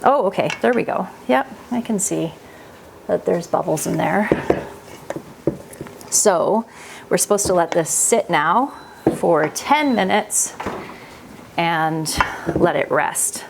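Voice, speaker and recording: Canadian woman, chatty home-cooking vlogger, lower voice, faint background hiss. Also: animated, slow, gravelly, long pauses. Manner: chatty, laughs easily, thinks aloud while cooking. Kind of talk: casual cooking chat. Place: home kitchen.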